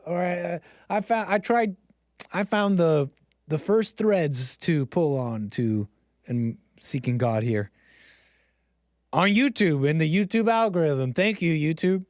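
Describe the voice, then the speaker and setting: A man's voice: fairly high pitch, takes it slowly, no echo, clean studio sound. Rambling sarcastic man on a livestream. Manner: rambling, sarcastic, mocks others with exaggerated gasps. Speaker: livestream host. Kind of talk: casual livestream commentary.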